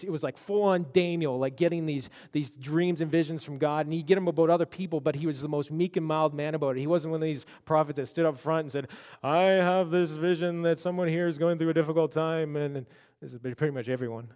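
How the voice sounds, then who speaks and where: A man's voice: a little high, steady tone, a little mellow. Man preaching in an echoing hall. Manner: halting, repeats words, builds in intensity. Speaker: pastor. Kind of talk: sermon storytelling.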